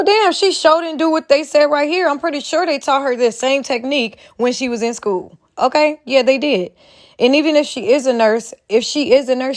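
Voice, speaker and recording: Donna dalla voce acuta, schietta e scurrile, che commenta con foga. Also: female voice, high voice. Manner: heated, blunt, profane, repetitive. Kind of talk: profane reaction commentary.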